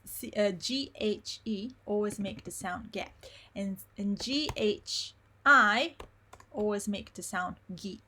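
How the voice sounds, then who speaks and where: Slow-speaking woman teacher. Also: mid-range voice, pushed and bright. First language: Italian. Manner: explains slowly, repeats words syllable by syllable. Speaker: Italian teacher. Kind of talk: live online pronunciation lesson.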